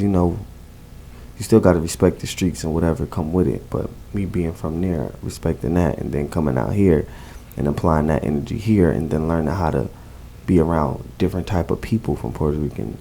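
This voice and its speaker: Deep gravelly man with Jersey accent. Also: dark tone, a little hiss or hum. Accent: New Jersey. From Newark, New Jersey. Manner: street slang, emphatic, repeats phrases. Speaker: event host and guest. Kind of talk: casual podcast interview.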